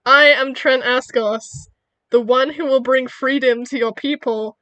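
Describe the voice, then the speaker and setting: A woman's voice: sits high, steady tone, measured pace, pushed and bright, no room sound, dull audio. A woman doing a mocking young rebel with an Australian accent. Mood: defiant. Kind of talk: acting out a story scene.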